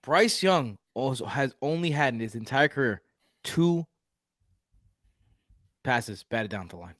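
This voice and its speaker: A man from Houston co-hosting a podcast, talking casually and jokingly with lively restarts. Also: mid-range voice, measured pace, dry recording, studio quality. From Houston, Texas. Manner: animated, jokey, frequent restarts. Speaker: podcast co-host. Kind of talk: casual fantasy football chat.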